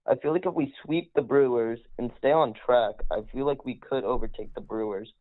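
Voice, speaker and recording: A man's voice: medium pitch, a little fast, no echo. A man calling in to a sports talk show, chatting in an easygoing, agreeable way. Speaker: caller. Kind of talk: casual phone-in chat. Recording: tinny phone line.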